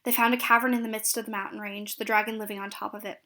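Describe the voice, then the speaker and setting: A woman's voice: mid-range voice, level tone, fast talker, bright, forceful tone. A woman narrating a recap of a tabletop fantasy game, reading steadily with small slips and restarts.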